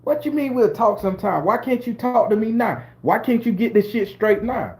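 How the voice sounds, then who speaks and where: A man's voice: high voice, lively intonation, moderate pace, darkish tone, pitched above the performer's own voice. A man voicing an offended young woman at a nightclub, sassy and incredulous. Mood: indignant.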